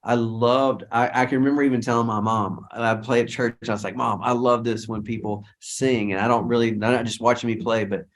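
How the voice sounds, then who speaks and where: A man's voice: mid-range voice, fairly even intonation, fairly quick, few pauses. A middle-aged man, a worship leader, telling stories in a casual interview, often restarting his sentences and quoting other people. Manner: rambling, repeats and restarts, quotes others in speech.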